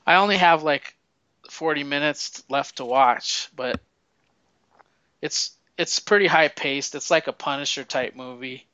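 A man chats casually, telling a film's story in a loose, profane ramble and acting out the characters' lines. His voice sits a little high, bright and clean. The recording is dry and a bit dull. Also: measured pace, clean tone, no room sound. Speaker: movie fan recommending films. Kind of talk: casual chat.

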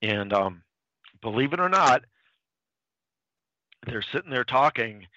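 A man's voice: medium pitch, slow, no room sound, highs cut off. A man casually recapping a comic book plot on a podcast, rambling with restarts and acting out lines. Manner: animated, dips into quoted character lines. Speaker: podcast co-host.

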